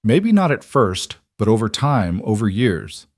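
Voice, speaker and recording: A man voicing a quiet cowboy who speaks in a calm, measured and firm way. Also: lowish voice, no room sound, clean studio sound.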